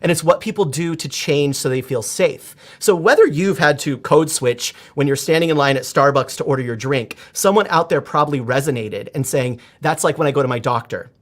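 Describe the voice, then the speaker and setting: A man in his forties tells stories as a podcast guest, animated and expressive. His voice sits a little high for a man, and he often restarts his sentences as he talks. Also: normal speed, few pauses. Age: 40s. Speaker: guest, performance coach. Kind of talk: conversational podcast interview.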